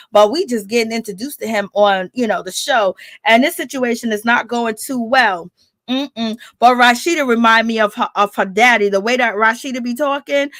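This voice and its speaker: A woman's voice: on the high side, dry recording. A woman hosting a casual reality TV recap, chatting animatedly, laughing often and acting out what people said. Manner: animated, laughing, reenacts quotes with rising squeals.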